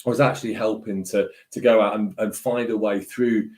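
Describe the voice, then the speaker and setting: A man's voice: on the low side, steady tone, fairly quick, darkish tone. A man hosting a casual video-call conversation, rambling and restarting his sentences.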